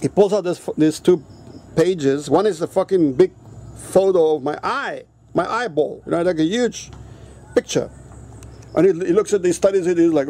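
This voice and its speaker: A man vlogging an angry story in a profane, halting rant. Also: high voice, a little mellow. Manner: profane, ranting, halting with restarts; switches into Mandarin.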